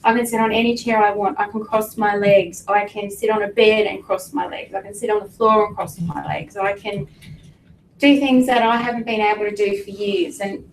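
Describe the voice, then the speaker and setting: A middle-aged woman giving an emotional personal testimony to an audience, halting and fighting back tears. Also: mid-range voice, fairly even intonation, a little hiss or hum. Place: meeting room with an audience. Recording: echoey room from a distance with faint ambience.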